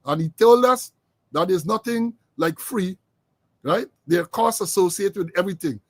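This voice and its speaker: A man's voice: sits high, animated, normal speed, creaky, no room sound. A middle-aged Guyanese man hosting a political commentary show, talking with sarcasm and mockery. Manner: sarcastic, mocking. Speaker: host.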